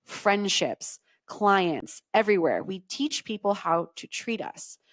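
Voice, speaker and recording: A middle-aged woman talks straight to her listeners as a solo podcast host and coach. Her pitch sits at an ordinary middle height, and her delivery is conversational and emphatic. She keeps checking in with a quick "okay?". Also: expressive.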